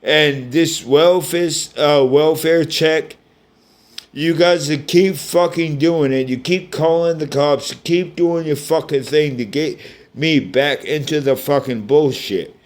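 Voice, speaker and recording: A man's voice: on the high side, slow pace. A man giving a rambling, profane personal rant in a vlog, often restarting and speaking directly to the people he is angry at.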